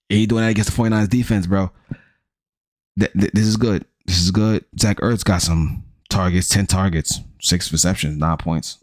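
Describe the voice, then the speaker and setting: A man with a very deep voice runs through a loose, unscripted recap as the host of his own show. He talks in slang and curses freely, calling his listeners bro. The sound is close and dry, with no room around it. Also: no echo. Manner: slangy, profane, rambling, addresses listeners as bro. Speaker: fantasy football show host. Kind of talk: casual recap monologue.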